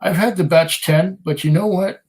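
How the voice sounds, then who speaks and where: A man's voice: sits high, moderate pace, a little mellow, poor audio. A man hosting a whisky channel, casually reading viewer comments aloud on a livestream in a rambling, self-deprecating way. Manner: rambling and self-deprecating, with many fillers and laughs.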